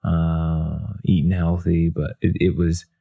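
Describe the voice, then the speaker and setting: A man's voice: low voice, level tone, takes it slowly, vocal fry, narrow, tinny audio. A man, a motivational speaker, telling stories in a casual, self-deprecating way with lots of fillers and restarts. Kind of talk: casual storytelling.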